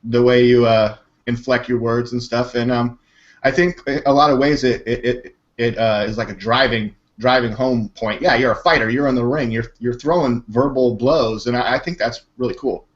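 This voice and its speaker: Male co-host, halting and repetitive, casual; dull lo-fi sound. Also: medium pitch, fairly even intonation. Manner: halting, repeats words while thinking. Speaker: show co-host. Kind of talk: casual talk-show chat.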